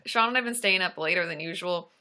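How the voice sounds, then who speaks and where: A young woman with a bright, clear-edged voice chats through a live-stream Q&A as a therapist. She is bubbly and talkative, cheering viewers by name between her answers. The tone is casual and friendly throughout. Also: lowish voice, fast.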